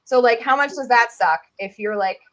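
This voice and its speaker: High-voiced chatty Southern woman. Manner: chatty, animated, quick asides and laughs. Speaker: guest tick researcher. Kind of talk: casual chat, video podcast.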